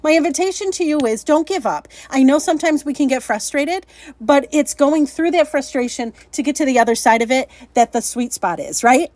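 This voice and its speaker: A woman's voice: sits high, expressive, a little fast, darkish tone, no room sound. A woman hosting a casual craft tutorial vlog, chatty and upbeat, laughing at her own slips. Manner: chatty, upbeat, self-deprecating, laughs often. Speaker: craft channel host.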